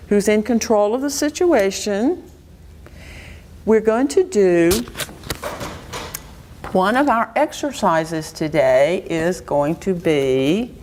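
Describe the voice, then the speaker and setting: A woman educator teaches a live workshop, asking her audience question after question. Her delivery is slow and deliberate, yet her pitch rises and falls in a lively way. She speaks to a room full of listeners. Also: a little hiss or hum. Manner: quizzes the audience with rapid questions. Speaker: Montessori educator giving a workshop talk. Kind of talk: interactive workshop lecture. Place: lecture room before an audience.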